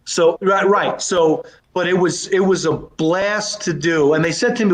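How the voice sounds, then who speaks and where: A man's voice: a little high, moderate pace, few pauses, reverberant. A man, a comedian guest, chatting on a podcast and acting out lines as he tells a story. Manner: animated storyteller, acts out lines. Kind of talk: casual podcast chat.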